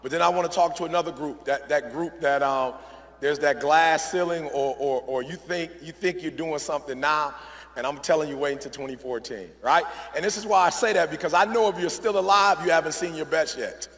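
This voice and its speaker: Male motivational speaker, gravelly and high, emphatic and repetitive, large echoey hall. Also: fairly quick, a bit bright. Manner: emphatic, repetitive, addresses crowd often. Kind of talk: motivational speech to a live audience.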